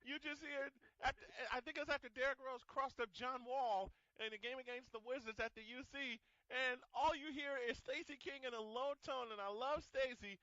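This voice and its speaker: A boisterous male sports talk host with a high, bright, forceful voice who laughs often and swears without a second thought. The sound is dry and a bit dull, like a lo-fi recording with no room around it. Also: fairly even intonation, normal speed, few pauses, dry recording. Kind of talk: casual sports radio chat.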